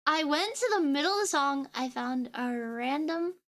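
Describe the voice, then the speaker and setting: With a high voice, lively intonation and normal speed, a young woman streaming as a VTuber rants about songs she doesn't like. She swears, is sarcastic, and hums along mockingly while pop music plays behind her.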